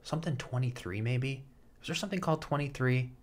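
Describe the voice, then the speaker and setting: A fast-talking man in his thirties with a medium-pitched voice co-hosts a casual podcast chat. He's a soap actor, and he rambles along with lots of restarts and fillers.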